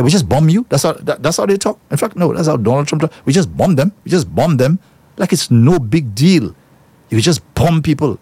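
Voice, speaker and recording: A man's voice: medium pitch, a little mellow, husky, no room sound. A man giving opinionated solo commentary to listeners, talking emphatically, repeating himself for effect. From Saint Lucia. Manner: emphatic, repetitive, indignant, addresses listeners as folks.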